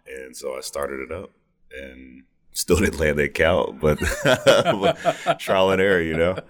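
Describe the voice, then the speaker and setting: A man with a deep radio voice, a business owner answering questions in a relaxed, polite way. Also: measured pace. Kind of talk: casual interview.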